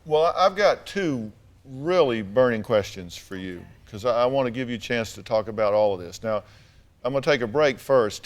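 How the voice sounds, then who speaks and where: A Southern American man hosts a talk show from a TV studio stage. He asks blunt, pointed questions one after another, with a dry humor. His voice sits at an ordinary, middle pitch. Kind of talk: confrontational interview questioning.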